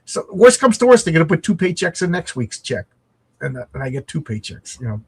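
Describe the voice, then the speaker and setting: Chatty American man, slightly high voice. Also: sing-song, a little fast, husky. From United States. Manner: chatty, rambling with frequent restarts. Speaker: podcast co-host. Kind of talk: casual chat over a video call.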